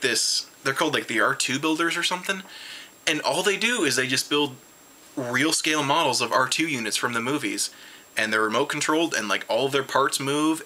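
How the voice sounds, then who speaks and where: A tired man at home, rambling excitedly through a casual convention recap with lots of restarts. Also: a little hiss or hum. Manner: jumps high in pitch when retelling his reactions. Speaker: vlogger reviewing a convention.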